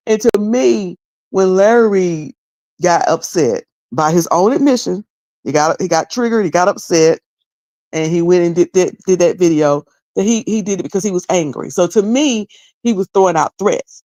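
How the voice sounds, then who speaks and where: A woman's voice: on the low side, normal speed, mellow, no room sound. Rambling woman commentator, dry close sound. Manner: rambling, repeats words, folksy and candid. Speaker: online commentator. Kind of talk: casual commentary on a video.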